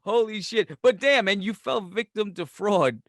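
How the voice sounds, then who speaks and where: A man's voice: high voice, normal speed, a bit bright, no room sound, studio quality. A man, co-hosting a podcast, who laughs often and riffs with exaggerated comic scenarios. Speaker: podcast co-host. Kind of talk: casual chat.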